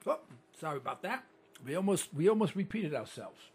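A male radio talk show host, delivering an animated, ranting, opinionated monologue into a studio microphone. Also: fairly high pitch, fairly quick, slightly rough, soft background music. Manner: animated and ranting, with repeated catchphrases.

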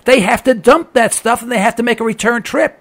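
A man's voice: extremely high pitch, brisk, gravelly. A man delivering an opinionated monologue as a commentator, emphatic and sarcastic, hammering his points home by repeating them. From United States. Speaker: political commentator. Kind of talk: opinionated radio-style monologue.

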